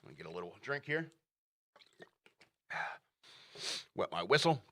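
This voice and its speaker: A man's voice: lowish voice, big pitch swings, slow, fairly bright tone, no echo, studio quality. A man hosting a radio show, giving opinionated solo commentary in an emphatic way, often checking in with "all right?". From United States.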